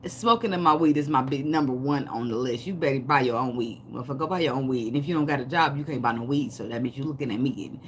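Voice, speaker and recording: A woman's voice: very deep voice, fast talker, hardly any pauses, a little hiss or hum. A woman giving a casual tarot reading, cursing, joking and laughing between cards. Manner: loud, laughing, profane, joking asides. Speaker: tarot reader.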